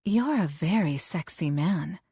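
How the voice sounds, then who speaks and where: Woman narrator doing a cold seductive villainess, coaxing and detached, pitched up above her low voice, dry close sound. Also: animated, a little slow, warm tone, slightly rough, no echo, exaggerated voice.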